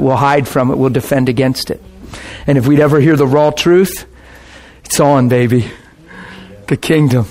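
This sermon features a fairly high-pitched man telling a lively, folksy story. He voices the people he quotes as if playing them.

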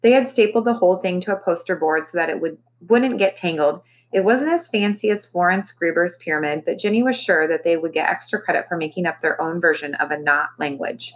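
A woman's voice: fairly low pitch, brisk, few pauses, poor audio. Woman teacher reading a chapter book. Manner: expressive storytelling. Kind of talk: reading a children's novel aloud.

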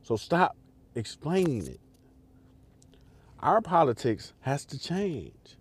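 Speaking slowly, this man has a fairly high, breathy voice that swings widely in pitch. As a podcast host, he addresses his audience directly with fervent political commentary full of repetition, emphasis and swearing.

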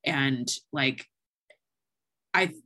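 A woman's voice: a bass voice, very slow, bright, forceful tone. A woman co-hosting a podcast, chatting casually with many fillers and frequent laughter. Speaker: podcast co-host. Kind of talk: casual chat.

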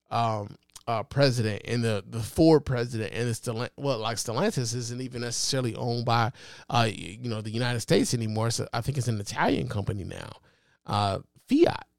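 A man's voice: medium pitch, gravelly, clear, resonant tone, no room sound. A man hosting his own podcast, giving impassioned, profane solo commentary with lots of repetition and emphasis into a close mic. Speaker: podcast host.

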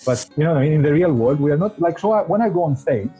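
A man for whom English is not his first language talks with passion and frequently restarts his phrases as he explains his points in a casual podcast interview. His voice comes through a tinny, phone-like line with a husky edge. Faint music plays behind him. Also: on the high side, lively intonation, quick pace, warm tone. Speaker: podcast guest.

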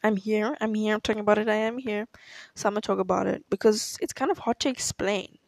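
A young African woman vlogger answers personal questions in a casual, confessional Q&A, rambling, hesitating and correcting herself as she goes. Her mid-range voice is fairly even and a little mellow, she talks quickly, and there's no room sound.

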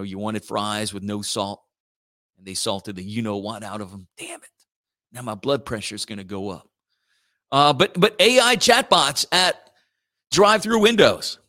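A man's voice: fairly low pitch, pushed and bright. A man hosting a morning radio show, chatting in a rambling, joking way and slipping into playful robot voices. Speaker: radio host.

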